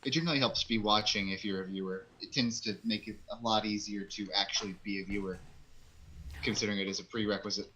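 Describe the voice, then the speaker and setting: A man playing a tabletop game, making dry, deadpan remarks in casual chat on a live stream. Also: lowish voice, fast talker, slight background noise, rough recording. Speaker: player.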